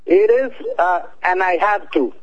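High-voiced man, hesitant. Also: measured pace, muffled recording. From El Salvador. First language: Spanish. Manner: hesitant, searching for words. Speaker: guest. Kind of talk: casual remote chat.

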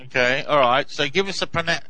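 Male host, bright tense voice, brisk, encouraging. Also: on the high side, no echo, low-quality recording. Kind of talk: casual interview.

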